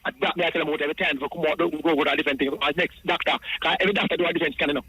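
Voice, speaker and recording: A man's voice: a little high, steady tone, rapid-fire, pushed and bright, breathy edge, no room sound, rough recording. A man with a Jamaican accent calling in over the phone, rambling through a long account in patois and repeating himself. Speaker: radio caller.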